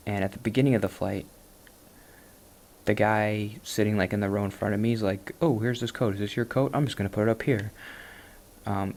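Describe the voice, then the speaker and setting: Low gravelly man rambling casually. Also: a little hiss or hum. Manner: self-deprecating, rambling, soft-spoken. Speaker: gaming vlogger.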